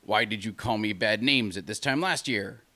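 A sly, greedy wolf from a bedtime storybook, low-voiced and menacing, as a man reads him. He lingers over his words with a bully's slow relish. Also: bright, forceful tone. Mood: snarling. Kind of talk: storybook reading.

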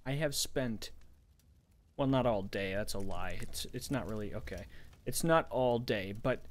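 A man's voice: lowish voice, unhurried. A man giving casual gameplay commentary as a let's-play host, rambling, correcting himself and muttering in frustration. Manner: rambling and self-correcting, restless.

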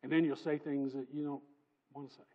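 A man preaching a sermon in a church, emphatic and conversational, swinging from loud passages to soft asides. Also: fairly high pitch, level tone, brisk, muffled recording. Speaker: pastor. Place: church sanctuary.

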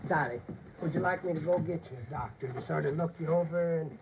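Brief: man acting nervous dad who keeps stumbling over words, voice sits a bit high, dull old broadcast sound. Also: brisk, close to an everyday voice. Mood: worried. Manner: hesitant, stumbling, repeating himself. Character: anxious, stammering father of a frightened teenage girl. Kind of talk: 1950s television drama acting. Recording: dull, faintly noisy old broadcast recording.

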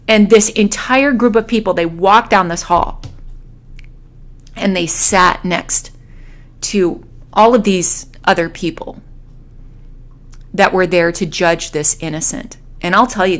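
Soft-spoken woman telling a tarot vision. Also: lowish voice. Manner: slow, hesitant, with many fillers and restarts. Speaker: tarot reader. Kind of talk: casual storytelling of a vision.

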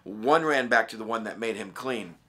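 Raspy guy pastor doing a quick daily bible talk, earnest and chatty, bright voice. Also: fairly low pitch. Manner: earnest and conversational, reading scripture with emphasis. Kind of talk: daily devotional Bible study.

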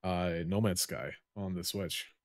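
A man's voice: low-pitched, unhurried, no echo, studio quality. A man co-hosting a gaming podcast, rambling through casual chat with many restarts and casual swearing. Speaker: podcast co-host.

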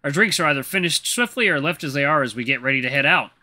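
Animated man narrating a tabletop game. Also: a little high, fast talker. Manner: animated, chatty asides.

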